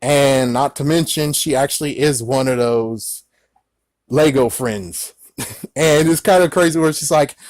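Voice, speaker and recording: A man giving a casual movie recap as a reviewer, excitable and rambling, breaking into exclamations as he talks. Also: mid-range voice, measured pace, no echo.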